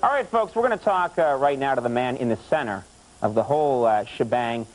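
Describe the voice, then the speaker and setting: A man's voice: medium pitch, lively intonation, fairly quick, a little hiss or hum, poor audio. A male late-night talk show host, exasperated and interrupting with repeated "sir" in a comedy sketch.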